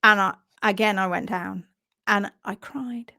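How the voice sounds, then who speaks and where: A woman, a hoof trimming instructor, telling an animated story on a live stream and acting out sounds and voices. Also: medium pitch, measured pace, gravelly.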